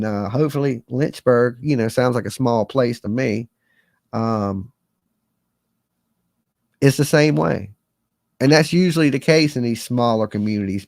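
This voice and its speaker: A man's voice: mid-range voice, a little mellow, dry recording, clean studio sound. A man in his forties, a live-stream host, talking casually in a rambling, earnest and folksy way with slang to his viewers.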